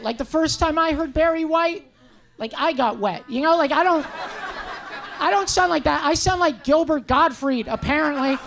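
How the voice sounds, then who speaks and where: High-voiced brash comic. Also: male voice, vocal fry. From Canada. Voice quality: high-pitched voice. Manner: brash, profane, self-mocking, banters with the crowd. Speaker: stand-up comedian. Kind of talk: stand-up comedy set. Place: comedy club stage. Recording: live club set with crowd noise. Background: audience laughter.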